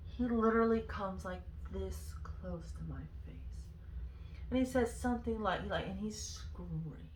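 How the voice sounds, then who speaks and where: Exasperated woman with a bright voice. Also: a little high, a little hiss or hum. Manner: candid, exasperated, swears freely. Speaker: former Marine telling service stories. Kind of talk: casual storytelling vlog. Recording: roomy echo.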